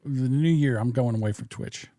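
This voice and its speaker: A man's voice: mid-range voice, dark tone, dry recording. Self-mocking man hosting a podcast. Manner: self-deprecating, halting with restarts. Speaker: podcast host. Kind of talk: casual chat.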